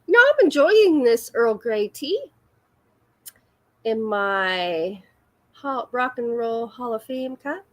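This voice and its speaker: A woman's voice: a little high, sing-song, slow, pauses often. A woman hosting a casual live chat with her viewers, giggly and self-deprecating. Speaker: livestream host.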